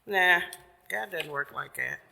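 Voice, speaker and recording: Folksy, gravelly man telling a sermon story. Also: a little high, unhurried, bright, forceful tone. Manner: folksy and chatty, paraphrasing loosely. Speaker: church member giving the message. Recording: long reverb of a church sanctuary.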